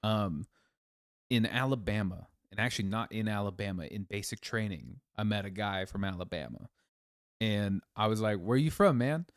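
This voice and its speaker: A man's voice: on the low side, normal speed, clean tone, no echo, clean studio sound. A young man, telling crude stories in a casual podcast chat. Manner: crude, animated storyteller, swears a lot. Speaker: podcast co-host.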